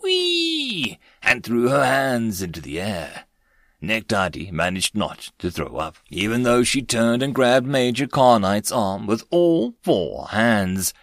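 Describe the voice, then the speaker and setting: A man narrating a web-novel audiobook in an expressive storytelling manner, close to the mic. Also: fairly low pitch, dry recording.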